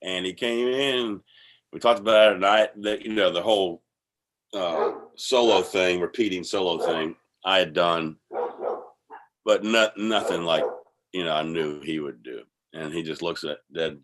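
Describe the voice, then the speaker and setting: A man telling a casual, animated story, heavy on swearing and bursts of laughter. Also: low voice, normal speed. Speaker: guest musician.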